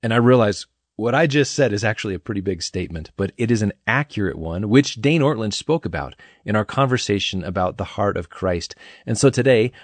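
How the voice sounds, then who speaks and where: A man teaching on a Bible passage as host, in an earnest, measured scripted delivery. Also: on the low side, lively intonation, no room sound.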